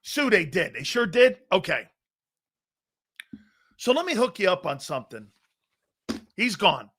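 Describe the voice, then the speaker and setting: Boisterous, animated man with a high voice. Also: unhurried, slightly rough. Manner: boisterous, loud, laughs often, blunt and profane; rambling anecdotes with stop-start phrasing. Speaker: sports talk show host. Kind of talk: live football talk and storytelling.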